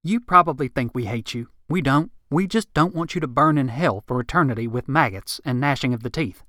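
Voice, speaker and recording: A man voicing an indignant, preachy small-town reverend who talks fast and pitches up when outraged. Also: pushed and bright, no echo, studio quality, close to an everyday voice.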